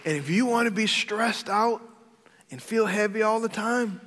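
A man, a pastor, preaching an emphatic sermon that swings between loud and quiet. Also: high voice, unhurried, a faint crowd. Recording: long hall reverb with soft background music.

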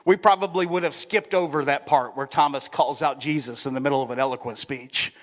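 In a church sanctuary, a male pastor with a steady, medium-pitched voice preaches fairly quickly and conversationally. He keeps asking the congregation "right?", and long hall reverb surrounds him.

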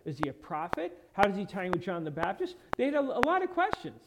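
A man's voice: high voice, huge pitch swings, fast. A male pastor preaching a sermon in a church, emphatic and quoting scripture in old-fashioned wording. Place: church sanctuary. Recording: loud background noise in a church sanctuary.

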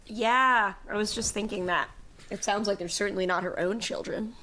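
A woman's voice: medium pitch, moderate pace, bright, forceful tone, low-quality recording. A woman co-hosting a podcast, breaking into a casual book chat with blunt, sardonic asides. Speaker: podcast co-host.

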